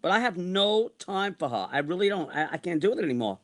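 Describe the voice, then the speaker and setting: A man in his sixties delivers a long venting rant, circling back to the same complaints again and again. His voice sits a touch high for a man, and he sounds worn out and exasperated. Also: sing-song, brisk, a bit bright. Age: 60s. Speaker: online streamer. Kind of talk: ranting monologue.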